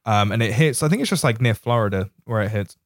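A man's voice: lowish voice, lively intonation, quick pace, dry recording. Laid-back man, dry close sound. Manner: laid-back, laughs often. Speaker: podcast host. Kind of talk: casual chat.

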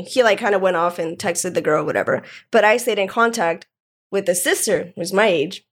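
A woman's voice: medium pitch, brisk. A young woman from Southern California, candidly telling a personal story in a casual chat, often laughing. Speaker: guest.

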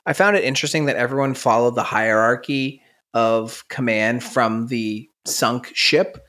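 A man on a podcast chats about a film, tossing in wry jokes between points. His voice sits at an ordinary middle pitch. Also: a little slow, a bit bright. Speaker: podcast co-host. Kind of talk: casual movie discussion.

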